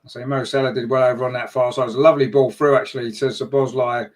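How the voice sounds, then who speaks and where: A man's voice: mid-range voice, level tone, racing. Chatty partisan male football commentator. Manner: partisan, chatty, rises sharply on chances. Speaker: fan channel match commentator. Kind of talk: live fan commentary.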